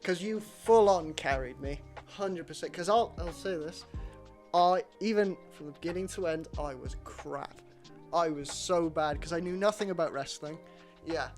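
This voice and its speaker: A man's voice: a little high, moderate pace, faint music behind. A man co-hosting a podcast, rambling and self-deprecating in casual chat. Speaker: podcast co-host.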